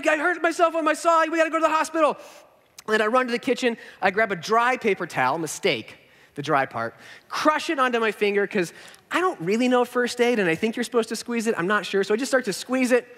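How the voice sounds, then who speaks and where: A man in his thirties, a pastor telling a story in a sermon, self-mocking and animated, acting out what people said. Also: extremely high pitch, fairly quick. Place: large church auditorium. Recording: hall reverb.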